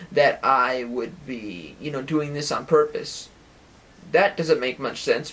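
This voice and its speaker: A man talks through a loose, rambling solo monologue for his own show. His voice sits a bit high for a man. He drifts from thought to thought and slips into imagined voices with sound effects. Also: a bit bright. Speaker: podcast host.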